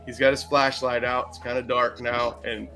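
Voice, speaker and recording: A man telling a story in casual chat, animated and profane, laughing as he goes. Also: mid-range voice, moderate pace, faint music behind. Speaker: podcast co-host.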